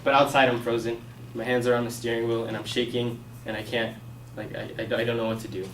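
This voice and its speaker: A young man telling a personal story in a casual, animated way, acting out his own past lines. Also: medium pitch, fast, slight background noise. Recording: echoey room, mic from a distance.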